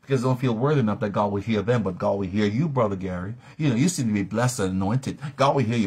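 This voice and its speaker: A man's voice: lowish voice, quick pace, hardly any pauses, a little mellow, breathy edge. A man teaching a Bible study sermon, asking rhetorical questions and building to emphatic peaks.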